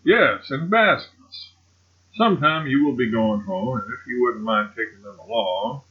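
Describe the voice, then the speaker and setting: Effusive elderly colonel, boastful and scheming, put on by a man reading the book. Emphatic, raised delivery, middling pitch overall, on a slightly dull home recording. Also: animated, measured pace, husky. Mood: eager.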